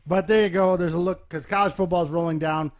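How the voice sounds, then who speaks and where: A man's voice: sits high, steady tone, fast. A man hosting a casual podcast chat, reading off a list of picks and asking the others for their verdicts. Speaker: podcast host.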